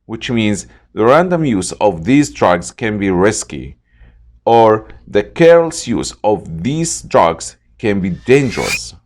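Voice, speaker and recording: A man teaching English vocabulary, saying each word slowly and repeating it for pronunciation. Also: fairly low pitch, sing-song, a little mellow. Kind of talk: scripted vocabulary lesson.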